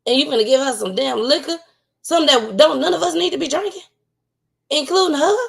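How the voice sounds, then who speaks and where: A woman's voice: high-pitched, fairly quick, gravelly. Outspoken woman hosting a livestream. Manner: outspoken, emphatic, repeats herself for emphasis. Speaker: livestream talk show host. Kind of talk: casual commentary livestream.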